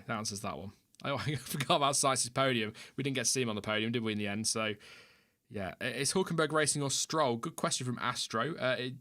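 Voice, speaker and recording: A man's voice: medium pitch, bright, forceful tone. A man hosting a casual live stream, chatting loosely and reading out viewer comments with small laughs. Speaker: livestream host.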